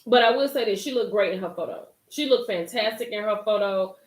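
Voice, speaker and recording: A young woman hosting a live recap chat, animated and excitable, talking straight to her viewers by name. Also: mid-range voice, brisk, echoey room. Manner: animated, gets hyped and loud, talks to chat by name. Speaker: livestream host recapping a reality show.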